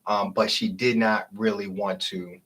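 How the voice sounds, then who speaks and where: Husky-voiced man in casual podcast chat. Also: fairly low pitch, level tone, measured pace, fairly bright tone. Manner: supportive, reacts with laughs and short agreements. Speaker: podcast co-host.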